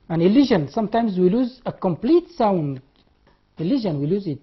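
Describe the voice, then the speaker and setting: In a dull lo-fi classroom recording, a Sudanese university lecturer lectures briskly in a husky, sing-song, mid-range voice. He keeps repeating key terms, spelling words letter by letter, and sounding things out.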